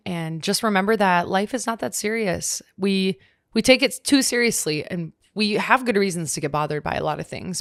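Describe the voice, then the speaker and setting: A woman's voice: medium pitch, no echo, clean studio sound. A woman hosting a podcast, talking in a candid, chatty way, swearing now and then and laughing at herself. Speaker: podcast host. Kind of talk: casual chat.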